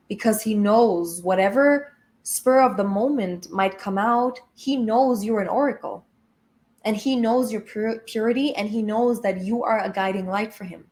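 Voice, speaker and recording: A woman's voice: medium pitch, moderate pace, darkish tone. A woman spiritual coach giving an emphatic, blunt motivational talk with casual swearing.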